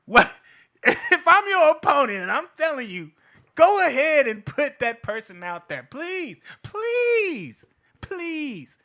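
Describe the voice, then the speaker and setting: Animated, high-voiced man ranting freely. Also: moderate pace. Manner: animated and profane, laughs between points. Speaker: show host. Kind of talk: casual cultural commentary monologue.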